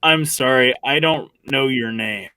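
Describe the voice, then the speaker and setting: A man playing a tabletop game in character, deadpan and often laughing at his own jokes. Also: mid-range voice, measured pace, no room sound, low-quality recording. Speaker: player.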